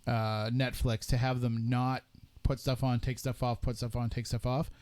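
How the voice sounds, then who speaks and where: A man's voice: mid-range voice, little pitch movement, moderate pace, a little mellow, clear, resonant tone. Opinionated man ranting on talk radio. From Massachusetts. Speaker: radio talk show host. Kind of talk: casual radio chat.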